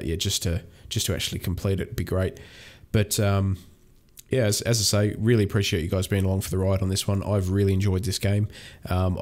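In a low, somewhat mellow voice, a young man who runs a gaming channel talks casually while playing a video game. The let's-play commentary wanders, full of fillers and restarts.

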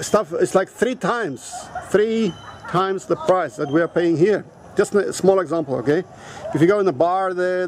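Blunt, swearing man with a high voice. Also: a little mellow, slight background noise. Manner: blunt, rambling, swears freely. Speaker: vlogger. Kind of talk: casual walking vlog. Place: outdoors at a resort in a town.

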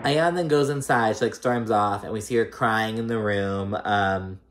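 There's slight background noise as a man with a lowish voice casually recaps a reality show episode at normal speed. He's chatty and meandering, filling his talk with "like" and "girl."

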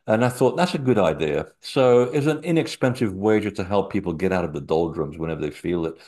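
A low-pitched man chats as an interview guest. He wanders through anecdotes, filling pauses with frequent hesitations. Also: a little mellow. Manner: rambling anecdotal storytelling with frequent fillers. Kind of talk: casual chat.

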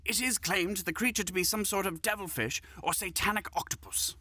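A man's voice: high voice, a little fast, pushed and bright, no room sound. A man narrating comedy sketches in a dry, mock-serious scripted style.

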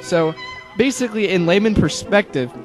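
Teenage guy, sarcastic, swears a lot, fairly high voice, faint music behind. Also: lively intonation, normal speed. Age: teens. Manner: sarcastic, exasperated, swears a lot, mocks others in silly voices. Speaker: youtuber. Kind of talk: ranting monologue.

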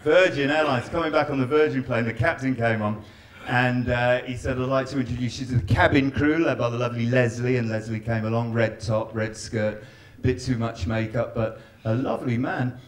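A man's voice: mid-range voice, fairly even intonation, fairly quick, hardly any pauses, slight background noise. A man doing a stand-up set in a live venue, chatting with and teasing the audience. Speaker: stand-up comedian. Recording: live show with crowd laughter.

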